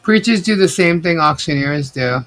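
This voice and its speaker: A woman's voice: sits low, animated, normal speed, a bit bright, slight background noise. Woman co-host for a casual live chat stream; blunt, rambling delivery with plenty of swearing. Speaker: co-host of a livestream. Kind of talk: casual livestream commentary.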